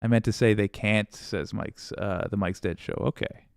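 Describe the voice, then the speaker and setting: Male livestream host, low and gravelly, sarcastic and loose, swears and laughs while reading chat. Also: fairly even intonation, moderate pace, no room sound, studio quality. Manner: rambling, sarcastic, swears freely, laughs often. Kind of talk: casual livestream chat reading viewer comments.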